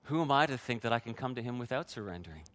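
A man's voice: medium pitch, expressive, very fast, fairly bright tone, soft background music. A man preaching a sermon as pastor, sharing his own testimony in an earnest way and speaking directly to the congregation.

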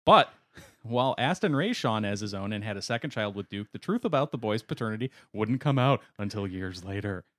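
A man's voice: lowish voice, lively intonation, fairly quick, no room sound, studio quality. Guy reading celeb gossip on a podcast, chuckles through it, swoopy voice. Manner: gossipy storyteller, laughs mid-sentence. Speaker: podcast co-host. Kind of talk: casual chat, reading a story aloud.

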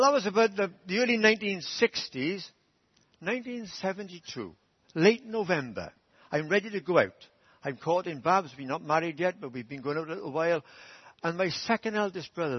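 Middle-aged preacher telling funny stories; husky, fairly high voice. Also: male voice, no echo. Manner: humorous, self-deprecating anecdotes. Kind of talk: storytelling sermon. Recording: dull dry church sermon recording.

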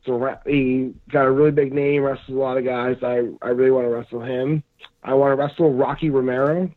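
A man's voice: medium pitch, steady tone. Man with a tinny phone-line sound. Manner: rambling, halting, filler-heavy. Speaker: pro wrestler guest. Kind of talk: casual podcast chat.

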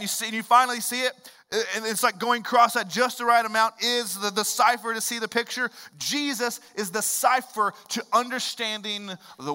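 A man in his thirties preaching a sermon in a church, swinging from loud emphatic bursts to low hushed lines. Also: fairly even intonation, fairly quick, clear, resonant tone, in a large hall. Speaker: pastor. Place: church sanctuary.

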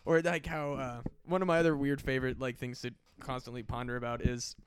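Rambling, excitable man with a smooth voice. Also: medium pitch, a little fast. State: voice cracking. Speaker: podcast guest. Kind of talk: casual chat.

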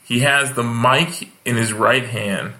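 A man's voice: medium pitch, takes it slowly. A man from Hawaii, a guest comedian, chatting casually on a podcast and acting out the people in his stories. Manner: animated storyteller, acts out voices. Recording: echoey room.

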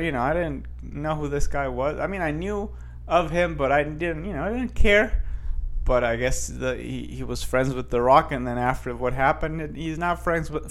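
A man with a slightly high voice talks straight to his viewers in a loose, rambling chat. He trips over his words, restarts often and wanders between asides while reading headlines aloud. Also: fairly bright tone. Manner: rambling with many restarts and fillers. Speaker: vlogger.

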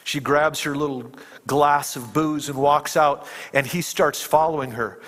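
A man's voice: a little high, steady tone, measured pace. Man preaching in a reverberant hall. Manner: dramatic storytelling, dropping to hushed tones and rising to emphatic peaks. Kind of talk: sermon retelling a film scene.

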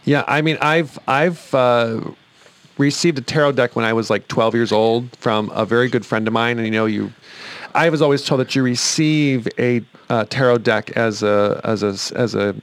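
A man's voice: medium pitch, moderate pace. Gushing theatrical male co-host. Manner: theatrical, gushing, calls people darling. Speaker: podcast co-host. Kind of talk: casual chat.

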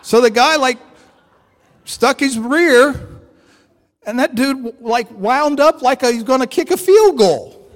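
Very high-voiced preacher in a reverberant hall. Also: male voice, takes it slowly, long pauses. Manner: animated, acts out dialogue in stories. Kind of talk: storytelling sermon.

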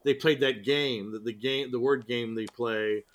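A man's voice: mid-range voice, fairly even intonation, unhurried. A man co-hosting a podcast in casual chat, blunt and playful, swearing freely. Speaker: podcast co-host.

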